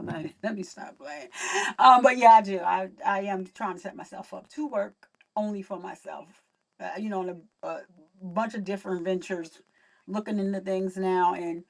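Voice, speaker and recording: A woman's voice: medium pitch, far from the mic. A young woman hosting a casual livestream, chatting to viewers while fixing her audio. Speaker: livestream host.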